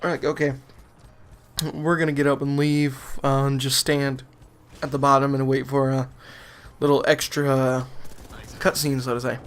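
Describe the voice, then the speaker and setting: A man's voice: medium pitch, little pitch movement, normal speed, slight background noise. A young man casually telling a rambling, exasperated story on his vlog, often laughing as he goes. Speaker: gaming channel vlogger.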